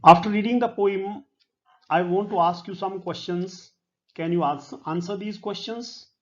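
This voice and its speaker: Slow, deliberate male literature lecturer. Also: sits high. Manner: slow, deliberate explaining with fillers. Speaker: professor. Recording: dull lo-fi recording.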